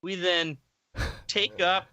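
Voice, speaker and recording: A man's voice: high voice, steady tone, slow pace, creaky, bright, forceful tone, no room sound, dull audio. A man telling a long rambling story in casual podcast chat, full of fillers and quoted voices.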